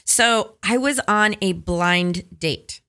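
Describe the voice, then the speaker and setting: A woman co-hosting a casual podcast, telling a story with animated flair and acting out the people in it. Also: medium pitch, slow pace. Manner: animated storyteller, acts out quotes. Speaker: podcast co-host.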